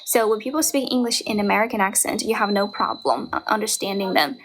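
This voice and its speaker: A woman's voice: mid-range voice, quick pace, a little hiss or hum. A woman with a Chinese accent coaching a caller on a livestream from her grandmother's home, encouraging and asking tag questions. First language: Mandarin Chinese. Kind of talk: live-stream coaching chat. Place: home room, grandmother's house.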